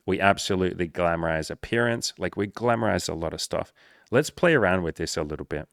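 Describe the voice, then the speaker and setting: A man's voice: low voice, animated, fairly quick, gravelly, fairly bright tone, no echo, clean studio sound. A man coaching his viewers in casual talk to camera, playful and mock-formal at times, swearing freely. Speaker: dating and life coach.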